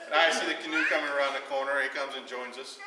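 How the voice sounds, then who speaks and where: A man telling a long, animated story to a party audience, acting out the quoted voices and laughing often. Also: medium pitch, fast. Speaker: guest speaker telling a story at a retirement party. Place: large echoey hall at a party. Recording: far-off echoey hall recording with faint noise.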